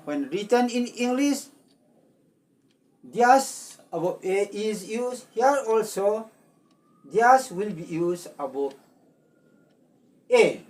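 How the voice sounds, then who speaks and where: A language teacher from Manipur, explaining spelling slowly and deliberately, repeating words. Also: medium pitch, a little mellow, far from the mic. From Manipur, India. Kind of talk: slow explanatory lesson.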